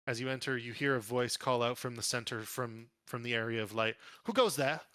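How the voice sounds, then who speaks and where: A man narrating as dungeon master of a tabletop game, setting each scene in a descriptive way with frequent ums. His voice is bright and forceful, and the recording is dry and close. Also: medium pitch, level tone, a little fast, clean tone, no echo.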